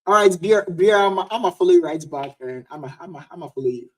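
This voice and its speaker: A man's voice: high voice, animated, fast talker. A young Ghanaian man in his twenties hosting a casual livestream chat and answering viewers' questions. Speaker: livestream host. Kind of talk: casual live-stream chat.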